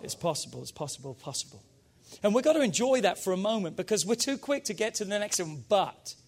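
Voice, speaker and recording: A man with a fairly high voice delivers a sermon in a church. He preaches with energy and emphasis, swinging between loud urging and quieter storytelling. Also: big pitch swings, fast talker. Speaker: pastor.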